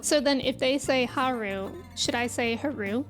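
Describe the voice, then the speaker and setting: A young woman with a high, bright-sounding pitch chats casually through a desk mic while streaming a video game. She answers chat and thanks viewers, with faint game music running behind her. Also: normal speed. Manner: chatty, reads chat aloud and thanks viewers.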